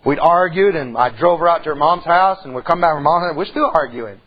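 A middle-aged man, preaching a folksy sermon that swings between loud outbursts and hushed tones. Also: high voice, lively intonation, fast, muffled recording. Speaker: pastor.

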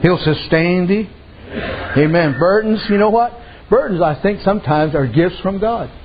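A man preaching a sermon, telling folksy stories and dropping repeated amens. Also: sits high. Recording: dull lo-fi recording.

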